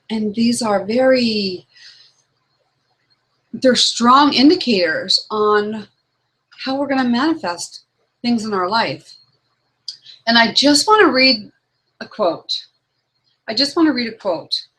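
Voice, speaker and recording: A woman's voice: mid-range voice, fairly bright tone, rough recording. A woman hosting an online talk show as a law of attraction trainer, speaking in an earnest, heartfelt way and reading quotes aloud. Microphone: webcam video call setup.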